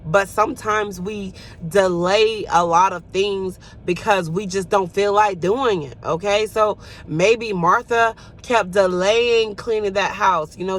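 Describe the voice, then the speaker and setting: A woman's voice: mid-range voice, steady tone, unhurried, hardly any pauses. Woman giving a chatty devotional talk. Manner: conversational, keeps asking "right?" and "you know?"; preachy and earnest. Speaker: speaker.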